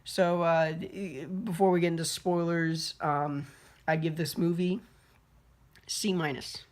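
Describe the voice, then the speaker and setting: A woman's voice: lowish voice, fairly even intonation, slow, a little mellow. A young woman giving a casual, rambling film review, swearing freely and full of fillers and restarts. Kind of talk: casual spoken movie review.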